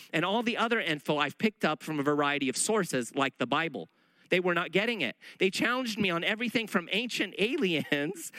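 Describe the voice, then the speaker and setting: A middle-aged male preacher telling stories in a sermon, animated and acting out the dialogue. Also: high voice, dry recording, rough recording. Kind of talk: sermon storytelling.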